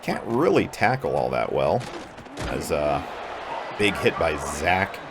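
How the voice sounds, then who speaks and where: A man's voice: extremely low pitch, big pitch swings, takes it slowly, background noise. A young man commentating his own video game match play-by-play, sarcastic and frustrated, often swearing. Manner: frustrated, swears a lot, sarcastic, prone to angry outbursts. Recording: game music clearly heard behind voice.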